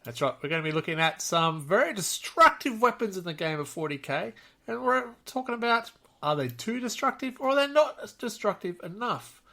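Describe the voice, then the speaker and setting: Upbeat Australian male podcast host, high and bright, self-mocking humor. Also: sing-song, brisk, creaky. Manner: jokey, laughs often, self-deprecating. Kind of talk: casual podcast chat.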